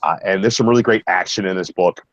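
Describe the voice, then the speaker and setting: A man's voice: sits low, quick pace, slight background noise. A man from Baltimore with a mild local accent, chatting enthusiastically about comics as a podcast co-host, with a lot of "uh" fillers. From Baltimore, USA. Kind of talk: casual chat reviewing comics. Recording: dull lo-fi dry audio.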